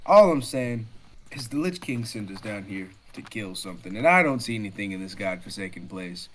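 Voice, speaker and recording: A man voicing a gruff, world-weary male adventurer who talks bluntly and grumbles. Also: on the low side, animated, a little fast, slight background noise, close to an everyday voice. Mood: grumbling.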